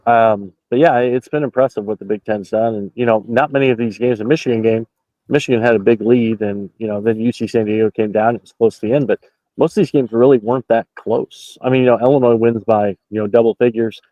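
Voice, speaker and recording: A man's voice: mid-range voice, fairly even intonation, fast, warm tone, no echo. A man calling in from a basketball arena right after a game, giving loose postgame analysis with lots of fillers and restarts. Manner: rambling, many fillers and restarts. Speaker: basketball reporter. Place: basketball arena, just out of the locker room. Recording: dull lo-fi call audio.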